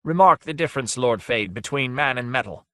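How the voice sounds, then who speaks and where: A man reading aloud, voicing a haggard male sorcerer who explains things gravely. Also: medium pitch, lively intonation, fairly quick, fairly bright tone, no room sound, pitched above the performer's own voice, natural voice.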